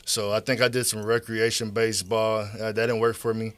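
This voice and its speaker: Laid-back Southern man with a low voice. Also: fairly quick, smooth. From Georgia, USA. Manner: relaxed, rambling, frequent fillers and restarts. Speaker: guest. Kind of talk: casual storytelling.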